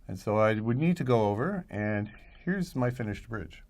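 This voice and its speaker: Low-voiced man lecturing casually. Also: lively intonation, normal speed. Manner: conversational, thinks aloud with restarts and frequent "right?". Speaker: college professor. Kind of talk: recorded lecture.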